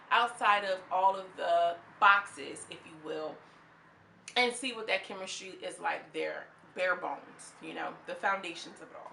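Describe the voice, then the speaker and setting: A woman reviewing a reality show in a casual vlog, animated and slangy, with plenty of commentary. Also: medium pitch, vocal fry, a little hiss or hum. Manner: animated and slangy, acts out quotes in mocking voices. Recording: echoey room.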